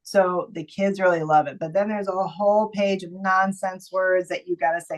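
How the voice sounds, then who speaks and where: A woman giving a lively, chatty presentation to teachers, playful and quick to slip into silly voices and sing-song bits. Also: on the low side, poor audio. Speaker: teacher trainer presenting book picks.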